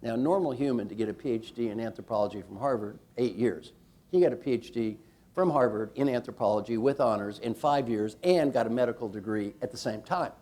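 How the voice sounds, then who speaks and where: A man leading a workshop as a coach, talking playfully and rallying a live audience. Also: medium pitch. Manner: animated, playful, rallying the crowd.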